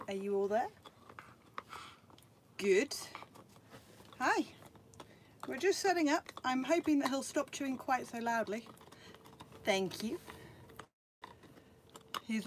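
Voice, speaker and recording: A woman chatting excitedly to viewers on a live stream from her motorhome, recorded on her phone. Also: mid-range voice, a little hiss or hum. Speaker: vlogger. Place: motorhome in a field.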